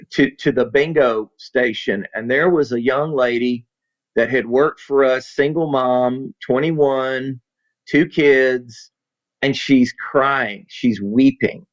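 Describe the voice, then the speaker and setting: A man, a safety consultant telling folksy, animated stories in an interview. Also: medium pitch, poor audio. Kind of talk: storytelling in a podcast interview.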